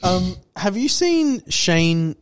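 A man's voice: sits high, big pitch swings, extremely slow. A young man, co-hosting a podcast in casual, crude chat that is full of "like". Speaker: podcast co-host.

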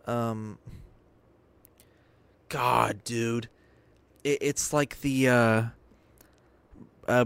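A man's voice: medium pitch, clear, resonant tone, no room sound. A man hosting a podcast, ranting in a loose, sarcastic way with a lot of swearing and filler words. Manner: sarcastic, rambling, swears often. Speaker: podcast host. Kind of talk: casual political rant. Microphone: webcam and desk mic.

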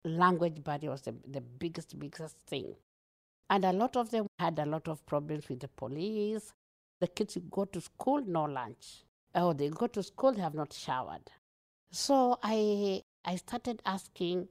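A woman with a Kenyan accent, a guest telling her own story in an interview, earnest and animated, laughing often. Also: on the low side, a little slow, gravelly.

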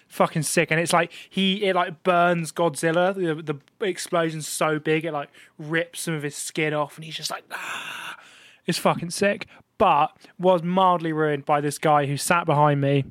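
A man's voice: fairly high pitch, fairly even intonation, moderate pace, hardly any pauses, a bit bright, no room sound, studio quality. A man hosting a podcast, chatting casually and animatedly, swearing freely. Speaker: podcast host.

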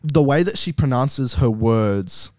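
A young man co-hosting a podcast in casual chat, relaxed and swearing freely. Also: mid-range voice, no echo, studio quality. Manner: relaxed, swears often, drawn-out phrasing. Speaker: podcast co-host.

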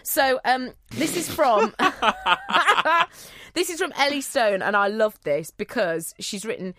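A British woman co-hosting a chatty podcast, playful and quick to laugh as she reads out listener messages. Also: fairly high pitch, lively intonation, sharp tone, no echo, studio quality. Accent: British English. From Britain. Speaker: podcast co-host. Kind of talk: casual podcast chat.

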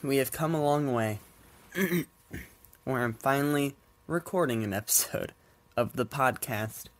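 With a mid-range voice that moves a little slowly, a congested, nasal-sounding man chats through his solo podcast at home with his cats. It's loose and rambling, full of laughter and offhand swearing.

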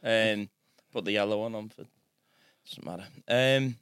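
A man's voice: on the low side, measured pace, a bit bright, clear, resonant tone, no room sound, studio quality. A hungover man co-hosting a podcast, hesitant and rambling with lots of ums. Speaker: podcast co-host. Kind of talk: casual banter.

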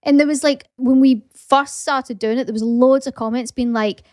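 A woman's voice: sits high, fairly even intonation, normal speed, dry recording, clean studio sound. A woman with a Scottish accent, a podcast guest who chats casually and acts out family exchanges as she tells stories. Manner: warm anecdotal chatter, acts out family exchanges. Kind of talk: casual chat.

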